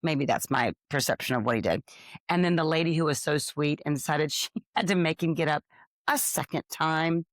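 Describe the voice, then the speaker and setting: A woman's voice: low voice, normal speed, no echo, studio quality. A woman co-hosting a podcast, telling a story with energy and acting out the other people's lines. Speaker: podcast co-host. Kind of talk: casual storytelling chat.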